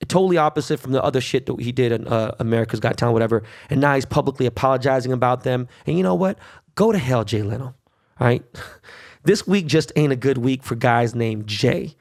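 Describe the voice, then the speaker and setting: A man's voice: mid-range voice, brisk, darkish tone. A middle-aged man hosting his own podcast, ranting brashly and cursing a lot. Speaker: podcast host. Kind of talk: solo podcast rant.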